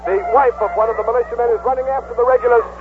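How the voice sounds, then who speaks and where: A high-pitched breathless field reporter. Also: male voice, fairly even intonation, very fast, over music. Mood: urgent. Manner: urgent, breathless running commentary. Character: excited male on-the-scene radio reporter. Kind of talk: 1950s radio drama, live eyewitness report. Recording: tinny old radio broadcast, loud hiss.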